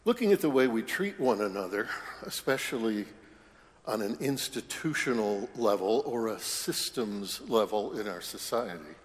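A man's voice: fairly low pitch, animated, normal speed. A man preaching a sermon as a priest in a church, conversational with wry humorous asides. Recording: long church reverb.

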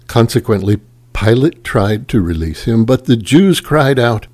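A man reading scripture aloud in a slow, measured and solemn liturgical manner. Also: medium pitch, lively intonation, darkish tone. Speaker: scripture reader.

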